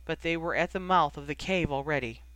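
A man narrates a story in a steady, even reading voice, pitched a little high. The recording is close and dry, with no room echo. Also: brisk, clean tone. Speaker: audiobook reader. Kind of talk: fan fiction audiobook narration.

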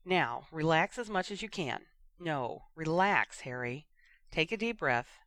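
A gentle young woman, as the reader voices her speaks softly and coaxingly in a storybook reading. The voice is low-key yet bright, with a dry, close sound. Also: lively intonation, unhurried, dry recording. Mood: soothing. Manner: soft, soothing. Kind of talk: audiobook reading.

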